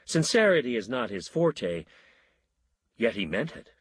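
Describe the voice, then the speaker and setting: A middle-aged man narrates a short story in a wry, measured way. His voice is husky with a lively rise and fall. The sound is close and dry. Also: mid-range voice, no echo.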